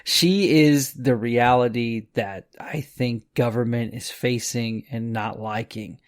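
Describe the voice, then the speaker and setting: A man co-hosting a podcast, ranting casually and swearing as he gets animated. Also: medium pitch, slow. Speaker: podcast co-host. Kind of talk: late-night casual rant.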